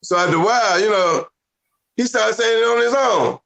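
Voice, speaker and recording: A man co-hosting a casual podcast chat, telling stories in an animated, lecturing way. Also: sits high, normal speed, low-quality recording. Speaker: podcast co-host.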